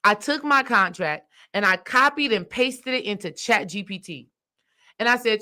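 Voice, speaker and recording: Bright-voiced woman telling a story. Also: medium pitch, normal speed. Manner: animated, acts out quoted dialogue; emphatic, addresses listeners directly. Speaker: spiritual coach. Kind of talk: casual storytelling monologue.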